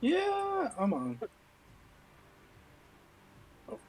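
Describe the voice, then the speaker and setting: A man's voice: very high voice, huge pitch swings, slow, a little hiss or hum, poor audio. A man playing a tabletop game, casual, swearing and thinking aloud over his rolls. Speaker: player.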